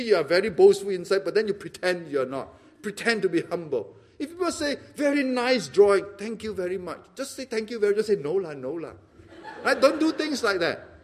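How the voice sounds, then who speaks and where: Animated high-voiced preacher. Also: male voice. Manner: animated, acts out little dialogues, laughs often. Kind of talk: sermon.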